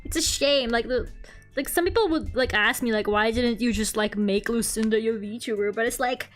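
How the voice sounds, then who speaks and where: High-voiced rambling woman streamer. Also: normal speed, faint music behind. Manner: rambling, heavy use of "like", giggly. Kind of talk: casual chat while drawing.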